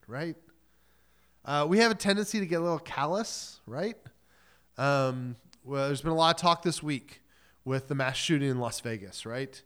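A man preaches a sermon in a loose, conversational way, cracking jokes along the way. His voice sits a bit high for a man. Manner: casual, joking storyteller who acts out quotes. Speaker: pastor.

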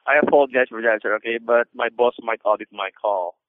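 A man's voice: medium pitch, a little fast, dry recording. A man working as a customer service agent, polite and formal, apologizing and saying sir often, heard over a phone line.

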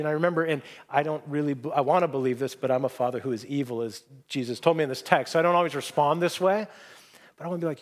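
A man preaching a sermon in a conversational, self-deprecating way, acting out quoted lines in hushed voices. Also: fairly high pitch, fairly even intonation, fast talker. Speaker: pastor. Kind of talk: sermon with personal stories.

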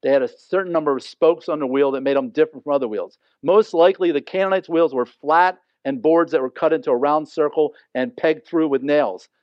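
A man delivers a sermon, reading a passage aloud and then unpacking it in plain, conversational words. His voice sits a little high for a man. The sound is dry and slightly dull, like a modest lo-fi recording. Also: a little fast, hardly any pauses, no echo. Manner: reads scripture aloud then explains it conversationally. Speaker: pastor. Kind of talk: sermon, verse-by-verse Bible teaching.

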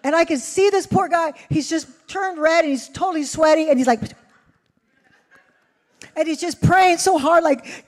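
A woman with a high voice preaches a testimony, telling her story with lively energy and acting out each voice in the dialogue. Her voice rings with the long echo of a large hall. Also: moderate pace. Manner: animated, acts out dialogue. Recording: reverberant hall.

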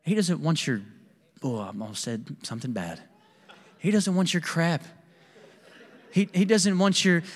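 A young adult male pastor preaching a candid, animated sermon with personal stories and laughter. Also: high-pitched, moderate pace, pauses often, long reverb tail.

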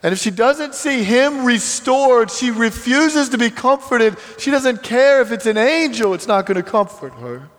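A man preaching a sermon earnestly, dropping to hushed tones and rising to emphatic passages. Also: very high voice, animated, a little slow, few pauses. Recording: long hall reverb.

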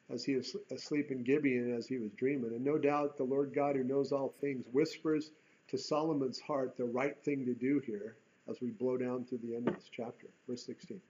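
A man's voice: medium pitch, dark tone, muffled recording. A man teaching through a Bible chapter in a conversational way. He reads scripture aloud and breaks off into folksy asides and rhetorical questions.

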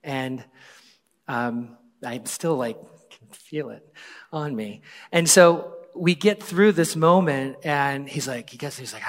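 A man in his forties, a pastor, telling a personal story in a conversational sermon, often dropping to a hushed voice. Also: medium pitch, animated, a little slow. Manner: conversational, drops to hushed tones for quoted moments. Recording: long hall reverb.

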